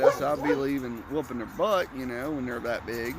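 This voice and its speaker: A man's voice: medium pitch, fairly quick, few pauses, noisy background. A man casually telling rambling family stories, swearing freely and slipping into other people's voices as he goes. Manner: rambling, profane, animated retelling. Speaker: storyteller. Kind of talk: casual storytelling.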